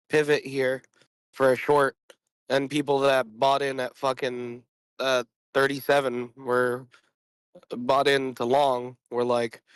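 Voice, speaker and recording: A sick man talks bluntly on a group voice call, clearing his throat often and swearing freely. His voice sits at an ordinary pitch and the sound is dry, with no room around it. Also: no echo. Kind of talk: casual chat.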